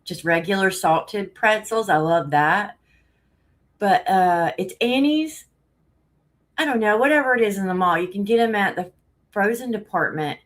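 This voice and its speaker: A woman's voice: mid-range voice, a little slow. Chatty breathless woman live-streaming. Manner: chatty, rambling, laughs often, greets viewers. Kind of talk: casual live stream chat.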